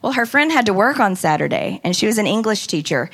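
A woman casually telling a lively story about a conference trip, often quoting people in animated voices. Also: medium pitch, fast talker. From United States. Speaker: speaker recounting a women's conference trip.

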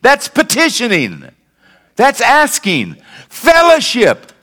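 A man's voice: very high-pitched, wildly swooping pitch, slow, sharp tone. A man preaching a sermon as pastor, in a conversational style that rises to emphatic declarations, speaking in a church.

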